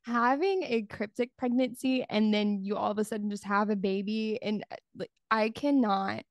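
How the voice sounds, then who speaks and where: A woman's voice: mid-range voice, steady tone, normal speed, no room sound. A woman co-hosting a podcast, talking in a playful, slangy, casual way. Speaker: podcast co-host.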